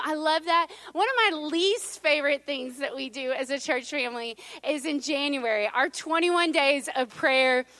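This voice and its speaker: A woman's voice: high-pitched, bright, forceful tone, dry recording. A middle-aged woman pastor, preaching a sermon in a chatty, storytelling way with playful asides to the congregation.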